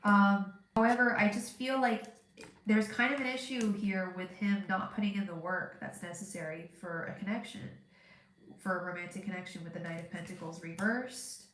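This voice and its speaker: A woman's voice: medium pitch, steady tone, normal speed, fairly bright tone, echoey room, slight background noise. A woman with a stuffed-up, congested voice giving a live tarot reading, chatty and thinking aloud with lots of fillers and restarts. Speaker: tarot reader.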